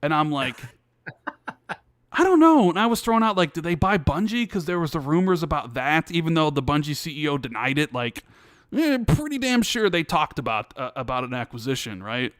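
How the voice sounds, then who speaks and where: Animated man telling a story on a podcast. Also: fairly high pitch, moderate pace, dry recording, clean studio sound. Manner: animated storytelling, acts out quoted dialogue; many restarts and fillers. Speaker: podcast co-host. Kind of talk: casual chat.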